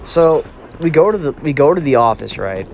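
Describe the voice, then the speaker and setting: A man's voice: on the high side, very animated, normal speed, vocal fry, noisy background. A young man telling a casual storytime in a rambling, profane way, with many restarts. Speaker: vlogger. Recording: loud gunfire sounds behind. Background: loud video game gunfire.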